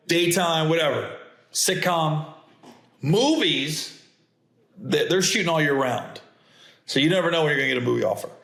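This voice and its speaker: A middle-aged man, a comedian hosting a podcast, telling stories and reading ads in a playful, animated way with stammering restarts. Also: fairly high pitch. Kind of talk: casual storytelling and ad reads. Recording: roomy echo.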